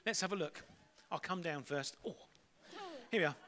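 A man's voice: on the high side, normal speed, pushed and bright. A middle-aged man giving a playful, chatty children's talk at church.

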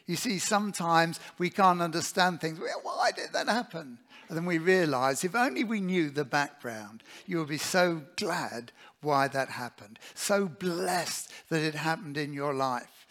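A man's voice: fairly high pitch, lively intonation, measured pace, fairly bright tone. A man preaching a sermon in an earnest way, often putting rhetorical questions to his listeners.

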